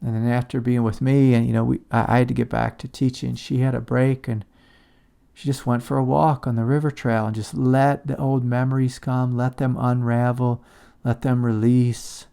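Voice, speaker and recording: A man giving a calm, reflective spiritual talk as a teacher. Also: mid-range voice, normal speed, gravelly, clear, resonant tone. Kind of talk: satsang talk on shadow work.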